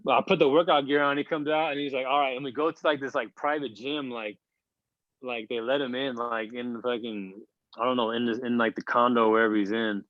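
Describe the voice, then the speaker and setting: A man's voice: medium pitch, steady tone, a little fast, dry recording. Podcast guest, thirties male, loose rambling anecdote delivery with swearing, dull dry recording. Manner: rambling, heavy filler words, profane. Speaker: podcast guest, basketball player. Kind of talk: casual storytelling.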